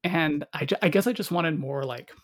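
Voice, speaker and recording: A man with a somewhat high voice talks about a movie at a moderate pace in a casual podcast chat. He reviews films, and here he rambles, cuts himself off and acts out lines from it in quotes.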